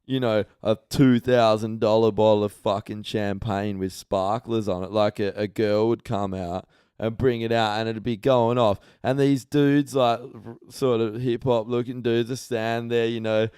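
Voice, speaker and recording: An Australian man telling animated, profanity-laced anecdotes on a casual podcast. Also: lowish voice, unhurried, clear, resonant tone, dry recording, clean studio sound. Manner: swears a lot, animated anecdotes. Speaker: podcast host.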